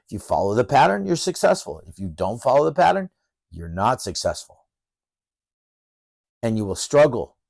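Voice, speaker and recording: A man's voice: medium pitch, sing-song, normal speed, vocal fry, long pauses, a little mellow, dry recording. Middle-aged guy prof laying out the course, blunt and fired up like a coach, dry close sound. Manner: emphatic, fired-up, direct coaching tone. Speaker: professor. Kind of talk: course introduction lecture.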